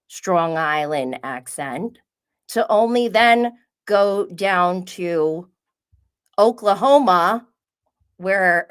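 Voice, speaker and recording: A woman hosting a casual solo recap, chatty and giggly, full of "like" and asides. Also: fairly low pitch. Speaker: podcast host recapping reality TV.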